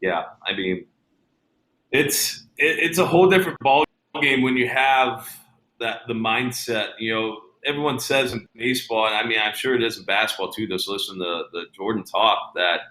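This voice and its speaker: A man's voice: on the low side, normal speed, sharp tone, roomy sound, low-quality recording. A man talking casually about baseball as an interview guest, telling stories with many fillers and restarts.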